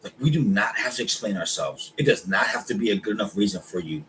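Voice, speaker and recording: A man's voice: lowish voice, lively intonation, quick pace, fairly bright tone, slight background noise, low-quality recording. Emphatic man, casual chat. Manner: emphatic, opinionated, says man and bro a lot. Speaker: podcast co-host.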